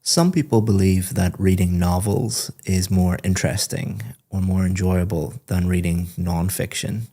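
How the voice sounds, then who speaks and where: A man acting as a speaking-test examiner, asking questions and then giving a student measured, encouraging feedback. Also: deep voice, warm tone. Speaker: IELTS examiner and teacher. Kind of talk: exam questions and spoken feedback.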